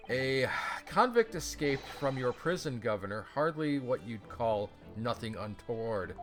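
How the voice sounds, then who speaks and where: A man voicing a cold, menacing male prosecutor who speaks in a measured, threatening way. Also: mid-range voice, sing-song, music in the background.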